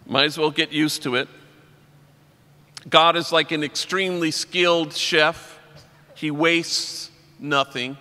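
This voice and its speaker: A middle-aged man, a priest, telling wry stories in a religious talk and slowing down for his punchlines. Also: a little high, sharp tone. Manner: wry, anecdotal, slows down for punchlines. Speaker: priest giving a keynote talk. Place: large convention hall. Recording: long reverb of a large hall.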